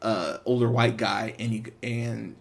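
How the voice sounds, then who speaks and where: A man's voice: fairly low pitch, measured pace, creaky. A man hosting a podcast, giving a casual, rambling movie review with frequent laughs and restarts. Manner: rambling, animated, laughs often, fillers and restarts.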